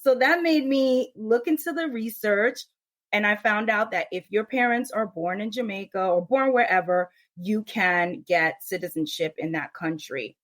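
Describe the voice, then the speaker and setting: A woman born in the United States, a podcast guest telling her story with animated energy. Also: mid-range voice, normal speed. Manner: animated, mimics others' voices in quotes. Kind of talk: casual podcast interview.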